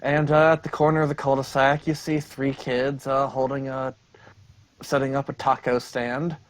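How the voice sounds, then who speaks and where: A man running a tabletop game as game master, describing scenes in a relaxed way with frequent pauses. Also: medium pitch, slight background noise.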